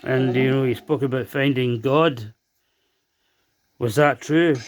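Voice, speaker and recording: A man's voice: medium pitch, slow pace, pauses often, slight background noise. A man hosting a paranormal spirit box session, questioning the spirit in a stern, accusing way. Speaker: paranormal investigator host.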